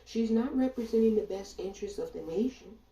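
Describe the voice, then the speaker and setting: A woman's voice: mid-range voice, a little fast, dark tone, recorded from a distance, muffled recording. Indignant woman ranting in an echoey room. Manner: blunt, indignant, profane, addresses listeners directly. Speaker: political commentator. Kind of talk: ranting monologue.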